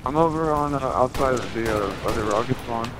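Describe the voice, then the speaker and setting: A young man in casual multiplayer game chat, animated and swearing as he calls out plays. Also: medium pitch, a little fast, very noisy. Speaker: gamer. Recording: gameplay audio loud behind voice. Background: game music and gunfire.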